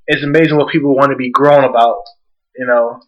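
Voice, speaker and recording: A man's voice: mid-range voice, fairly even intonation, a little fast, fairly bright tone, dull audio. A man hosting a casual podcast chat, ranting bluntly with plenty of profanity, a bit congested. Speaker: podcast host.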